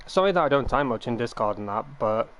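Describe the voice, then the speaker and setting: A young man talking to his viewers on a live game stream. He speaks at a middle pitch and wanders through long, meandering explanations. He sounds casual and unhurried. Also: animated, a bit bright.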